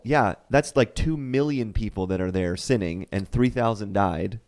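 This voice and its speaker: A man co-hosting a church podcast in casual chat, retelling scripture stories with lively acted quotes and frequent laughs. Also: fairly low pitch, normal speed, few pauses. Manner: animated, acts out quotes, laughs often. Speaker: podcast co-host.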